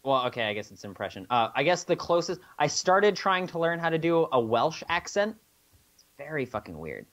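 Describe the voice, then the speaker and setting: A man's voice: fairly high pitch, sing-song, fairly quick, a bit bright, muffled recording. Profane, rambling male podcast co-host. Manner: loose and profane, many fillers. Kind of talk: casual podcast chat.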